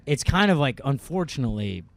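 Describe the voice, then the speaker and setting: A man's voice: mid-range voice, sing-song, a little fast, creaky. A man co-hosting a podcast, telling a rambling, self-deprecating story in casual chat. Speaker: podcast co-host.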